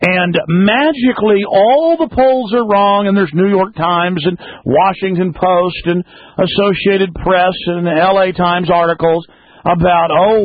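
A man hosting a talk radio show, ranting fast and emphatically in a monologue. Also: high-pitched. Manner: rapid, emphatic, ranting delivery. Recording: dull, dry radio broadcast with faint music.

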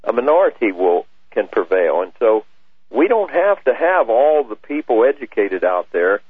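Male radio guest, low husky voice, earnest and halting, heard over a dry phone line. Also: very animated, no room sound. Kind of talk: talk radio interview.

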